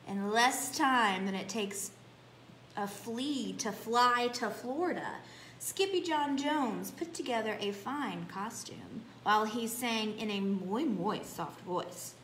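Woman teacher, unhurried storybook reading, animated and expressive, echoey room. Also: on the high side. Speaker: children's class teacher. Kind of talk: reading a picture book aloud. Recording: echoey room, faint background hum.

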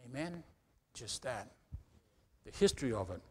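A man's voice: medium pitch, very animated, normal speed, a bit bright, slightly rough. A middle-aged male pastor preaching a sermon in a conversational way, often asking the congregation "Amen?".

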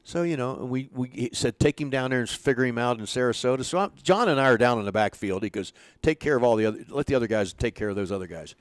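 An older man, a former pitching coach, telling stories in an interview and acting out the lines of people in them. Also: fast, hardly any pauses, dry recording. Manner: animated storyteller, acts out quoted dialogue. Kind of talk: storytelling in an interview.

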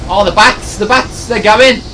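A young man bantering casually while playing a video game, jokey, teasing and excitable. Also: sits high, unhurried, a little hiss or hum. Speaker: gaming channel co-host.

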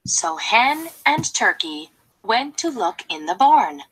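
A woman reading a children's storybook aloud, slowly and expressively. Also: on the high side, very animated, a bit bright, a little hiss or hum, low-quality recording.

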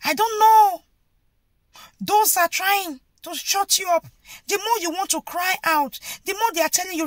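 A woman preaching a sermon, rising to impassioned shouted pleas. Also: very high voice, measured pace, no echo.

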